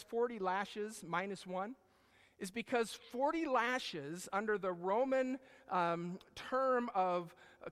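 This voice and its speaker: Male pastor, high tenor, animated sermon delivery, long church reverb. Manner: animated preaching, swings between loud outbursts and hushed intensity. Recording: long reverb in a large hall.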